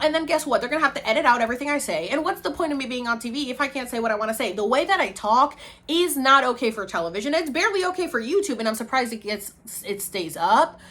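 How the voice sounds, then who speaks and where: A woman from Puerto Rico talking casually to camera as a vlogger, chatty and animated, dropping to low murmurs and jumping to high excited bursts. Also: fast talker. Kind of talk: casual talking-head vlog.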